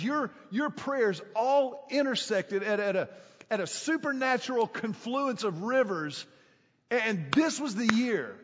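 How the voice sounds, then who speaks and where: A middle-aged man, preaching a sermon as a pastor, telling a story emphatically and stretching key words slowly for drama. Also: high voice, slightly rough. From Houston, Texas. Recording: echoey hall, dull sound.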